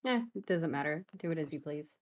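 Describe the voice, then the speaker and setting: A woman's voice: low-pitched, animated, quick pace, poor audio. Teasing woman on a video call. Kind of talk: joking chat on a live stream.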